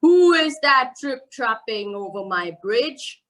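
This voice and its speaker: A woman's voice: fairly high pitch, expressive, slow, a bit bright. Mean old troll, as a woman puts him on. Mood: gruff. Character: mean old hungry male troll under a bridge.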